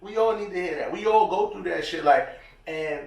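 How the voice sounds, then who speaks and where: Male co-host, casual and slangy, animated, recorded far from the mic in a roomy space. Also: high-pitched, normal speed, creaky. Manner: animated storyteller, slangy, acts out quotes. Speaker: podcast co-host. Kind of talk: casual chat. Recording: echoey room, distant mic.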